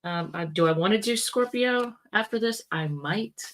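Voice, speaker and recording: Here a tarot reader talks at normal speed in a medium-pitched voice, rambling through a casual reading. Self-corrections and chatty asides pepper everything she says.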